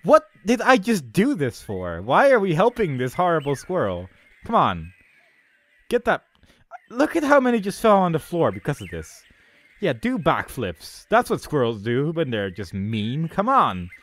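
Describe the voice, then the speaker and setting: A man's voice: a little high, wildly swooping pitch, a little slow, a bit bright. A young man doing comedic game commentary, exasperated and sarcastic, complaining melodramatically at the game. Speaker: let's play commentator.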